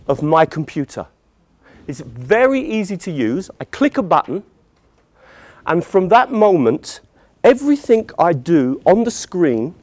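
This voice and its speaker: A British man speaking at a conference for teachers, walking them through websites with real enthusiasm. His voice sits fairly high and swoops up and down in lively turns. The sound is dry and close, with almost no room around it. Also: no room sound. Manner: enthusiastic, demonstrating websites on screen. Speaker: teacher trainer. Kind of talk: conference presentation.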